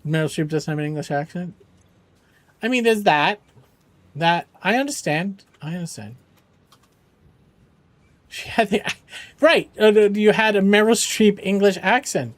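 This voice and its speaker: A man's voice: high-pitched, expressive, a little slow, pauses often, dry recording. A man streaming games for charity, chatting with viewers in a joking, rambling, reassuring way. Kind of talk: casual chat with viewers.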